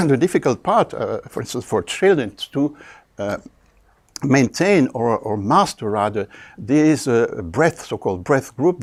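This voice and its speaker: An older man with a French accent, a linguistics professor giving a university video lecture, speaking haltingly with many fillers and frequent throat clearing. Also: medium pitch. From France.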